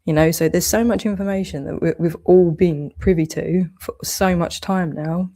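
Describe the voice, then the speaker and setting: Her voice is fairly low and warm, yet she's delivering a furious, profanity-laden rant, hurling accusations and scolding with mounting anger.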